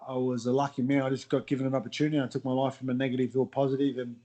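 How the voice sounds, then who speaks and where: A man's voice: mid-range voice, level tone, racing, warm tone. Blunt Australian man, middle-aged. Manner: candid, blunt storytelling with swearing. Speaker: guest, former athlete. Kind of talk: casual podcast chat.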